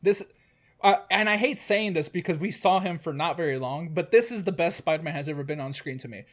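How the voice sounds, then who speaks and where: A young man with a slightly high voice chats casually about a movie, full of stammers, fillers and restarts. He co-hosts the review and talks in an easygoing way. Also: a little fast. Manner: hesitant, lots of fillers and restarts.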